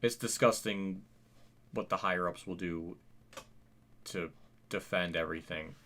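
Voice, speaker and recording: A young man talks through a casual channel update late at night, tired and yawning. His voice sits a little low, and he rambles and hesitates with plenty of fillers, sounding worn out and apathetic. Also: little pitch movement, moderate pace, bright, forceful tone, a little hiss or hum. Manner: weary and apathetic. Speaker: channel host.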